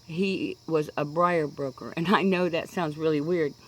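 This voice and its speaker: A woman's voice: low-pitched, measured pace, rough recording. A woman in her sixties with a Kansas accent, chatting in a rambling way on her video blog and going off track, outdoors on a deck. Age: 60s. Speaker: pipe-smoking vlogger. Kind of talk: casual rambling monologue.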